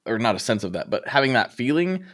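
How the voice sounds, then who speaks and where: A man's voice: medium pitch, very animated, quick pace, fairly bright tone. A middle-aged man hosting a podcast, telling his story reflectively and acting out his own past thoughts. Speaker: podcast host. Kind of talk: casual interview chat.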